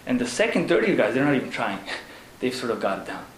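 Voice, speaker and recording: A man, a Zen monk, talking casually about monastery life, halting with fillers and laughing as he tells stories. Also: mid-range voice, sing-song. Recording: echoey room with background noise.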